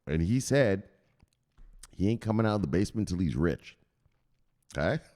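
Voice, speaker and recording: A man's voice: low-pitched, expressive, moderate pace, dark tone. A male crypto show host in casual, joking chat who swears freely and laughs a lot. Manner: joking, profane, laughs often.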